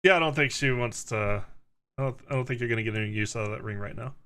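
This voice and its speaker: A man's voice: mid-range voice, fast, a bit bright. A man streaming a game, giving wry, offhand casual commentary. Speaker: let's play streamer.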